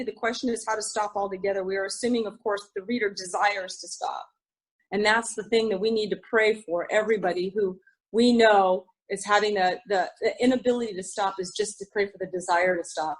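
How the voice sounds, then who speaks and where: A woman's voice: mid-range voice, rough recording. A middle-aged woman speaking frankly and confessionally at a recovery group, swearing freely and restarting her sentences. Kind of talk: candid recovery group share.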